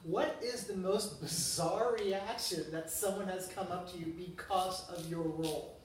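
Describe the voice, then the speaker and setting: A man's voice: high-pitched, a little slow, slight background noise. Male interviewer, short prompts, far from the mic, heavy room echo. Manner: brief, prompting questions. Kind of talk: live interview questions. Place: bookshop event space. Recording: very echoey room, distant mic.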